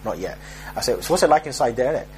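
The speaker is a young man giving a relaxed religious talk, racing along with animated delivery in a mid-range, slightly mellow voice. He jokes through street stories and voices the characters in mock tones, with some slight background noise.

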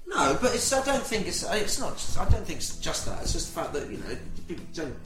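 Brief: a man in his thirties, slightly high voice, the earnest straight man in a comic chat, roomy room with music behind. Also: big pitch swings, brisk, fairly bright tone. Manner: protesting, earnest, laughs often. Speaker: podcast co-host and actor. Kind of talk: comic banter.

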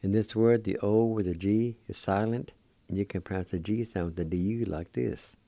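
On the radio, a middle-aged man gives a slow language lesson, spelling and pronouncing words and patiently repeating them. His voice is on the low side, creaky and mellow, with fairly even intonation, and the recording is dry.

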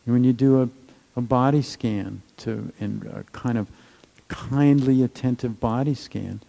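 Man giving a meditation talk, slow and gentle, lots of "you know", rough gravelly tone. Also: medium pitch, poor audio. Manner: gentle, unhurried, with many fillers and trailing phrases. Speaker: meditation teacher.

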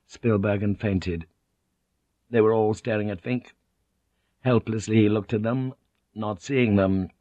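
Low-voiced male audiobook narrator. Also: no echo, highs cut off. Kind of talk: scripted narration.

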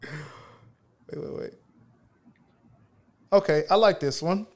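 A man hosting a podcast in casual chat, laid-back and slangy, turning animated when he reads aloud. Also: fairly high pitch, takes it slowly. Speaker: podcast host.

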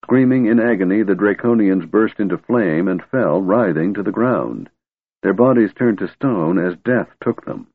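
Male audiobook narrator, husky, phone-thin sound. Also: lowish voice, normal speed, no echo. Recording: tinny narrow-band recording.

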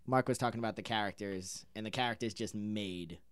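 A man's voice: on the low side, fairly quick, a bit bright, smooth, dry recording, clean studio sound. Enthusiastic man gushing about a film. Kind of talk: casual film discussion.

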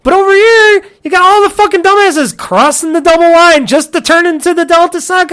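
In casual chat, a speaker with a very high, slightly bright voice rants, curses often, laughs readily, and acts out what other people said.

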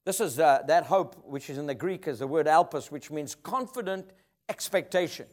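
A man's voice: on the high side, animated, normal speed. A man preaching a sermon, emphatic and rhythmic, often asking the congregation for an amen. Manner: emphatic, call-and-response preaching.

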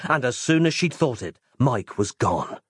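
A man giving an expressive, playful reading of a comic story, as its narrator. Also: mid-range voice, a little slow, slightly rough, no room sound, studio quality. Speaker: audiobook narrator.

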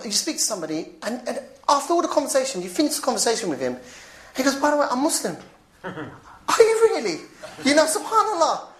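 A woman giving an informal religious talk, animated, chuckling now and then and repeating her points. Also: on the high side. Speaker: preacher. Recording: roomy echo.

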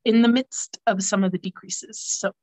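A woman chatting casually about her knitting, rambling with lots of fillers and clearing a frog in her throat. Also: mid-range voice, steady tone, moderate pace, a little mellow, no room sound, rough recording. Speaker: guest knitter. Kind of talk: casual knitting podcast chat.

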